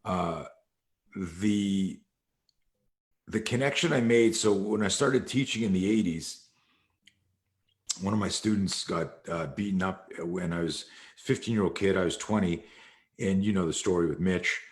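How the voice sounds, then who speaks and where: Deep-voiced storytelling man. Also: a little slow, pauses often. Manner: animated storyteller acting out quoted dialogue. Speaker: martial arts instructor, guest. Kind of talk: storytelling interview. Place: live video call.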